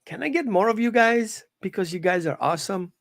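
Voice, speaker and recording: An eager, friendly pet dog with a chatty, enthusiastic way of talking, as a dog trainer puts it on mid-lesson. The voice sits at an ordinary middle pitch and lifts a little with excitement. It sounds keen and hopeful for more. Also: a little fast, vocal fry.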